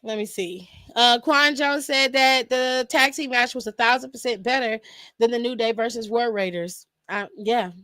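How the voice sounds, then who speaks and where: A woman's voice: on the high side, moderate pace, sharp tone, dry recording. Chatty woman streaming a wrestling aftershow. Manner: chatty, laughs often, addresses viewers directly. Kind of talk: casual live-stream chat.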